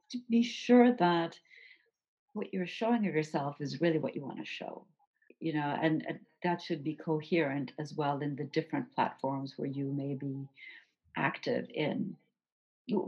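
Husky low-voiced woman host. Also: a little mellow. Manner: long winding questions. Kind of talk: interview conversation. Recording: slightly dull lo-fi audio.

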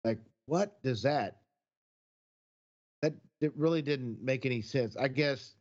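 A man's voice: mid-range voice, slow, darkish tone, dull audio. A married man co-hosting a podcast, talking in a rambling, folksy, reflective way in casual chat. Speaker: podcast co-host.

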